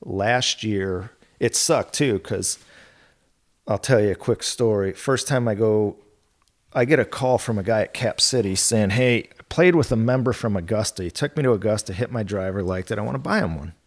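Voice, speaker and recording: A middle-aged man with a fairly low voice telling casual golf-course stories on a podcast. He rambles from one anecdote to the next, quoting people along the way and laughing. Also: moderate pace. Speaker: golf club territory manager guest.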